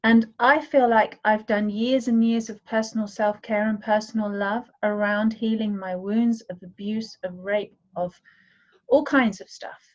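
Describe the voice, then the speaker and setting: Speaking a little slowly in a steady, medium-pitched, somewhat dark voice, a woman shares with her women's healing circle over a video call. She addresses the others earnestly and with affection, and the recording sounds dull and lo-fi.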